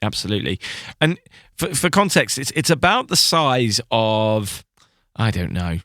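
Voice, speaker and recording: A man's voice: medium pitch, very animated, a little slow, bright, forceful tone, no room sound, studio quality. A man co-hosting a podcast in casual chat, restarting his sentences often and laughing easily. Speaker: podcast co-host.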